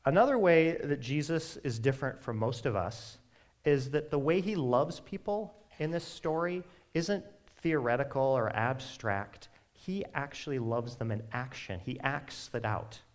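A man preaching a sermon in a conversational, animated way, with quick asides to his listeners. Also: medium pitch. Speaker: pastor.

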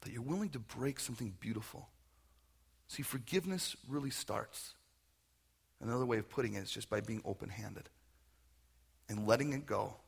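A man preaching as a pastor at a church service, telling stories with energy and moving into quiet prayer. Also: medium pitch, moderate pace, vocal fry, long pauses, husky. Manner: storytelling preacher, animated, ends in soft prayer. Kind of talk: sermon.

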